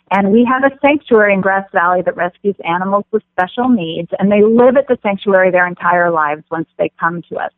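A woman's voice: mid-range voice, dry recording. Earnest woman on a tinny phone line. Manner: earnest, impassioned advocate. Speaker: film festival director, guest. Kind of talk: interview over the phone.

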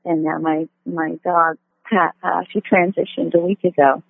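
A woman calling in to a radio show, hesitant and halting with many fillers. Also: lowish voice, little pitch movement, vocal fry. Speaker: caller. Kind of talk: call-in question. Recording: tinny phone line.

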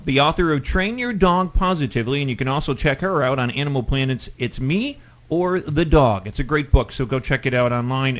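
A man's voice: medium pitch, muffled recording. A man hosting a talk radio show, chatty and rambling as he promotes guests and the show.

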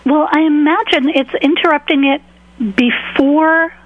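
A woman's voice: high voice, fairly even intonation, a little slow. A woman calling in as a radio guest, friendly and a bit flustered. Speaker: guest caller. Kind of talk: phone-in interview. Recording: muffled phone line.

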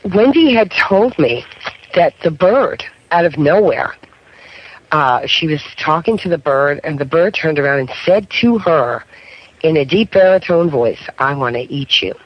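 A man's voice: on the high side, expressive, measured pace. Middle-aged man telling spooky stories on radio. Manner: storytelling, keeps checking in with "okay?". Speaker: paranormal investigator guest. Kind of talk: radio talk show interview. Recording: muffled radio broadcast.

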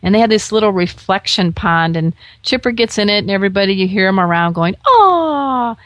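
A woman's voice: medium pitch, steady tone, fast, no echo, studio quality. A woman hosting a pet radio show, chatting in a bubbly, jokey way and laughing often. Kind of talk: casual radio interview.

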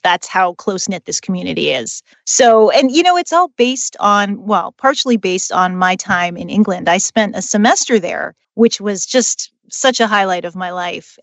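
Woman guest, mid pitch, eager and talkative, dry close mic. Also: dry recording. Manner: enthusiastic, chatty. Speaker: author and dog trainer. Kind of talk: interview guest.

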